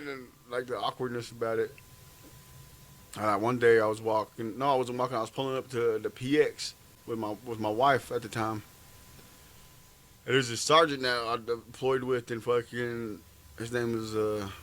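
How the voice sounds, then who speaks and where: A man's voice: medium pitch, fairly even intonation, moderate pace, fairly bright tone, rough recording. A man, an army veteran, telling stories in a profane, rambling, laughing way in casual chat.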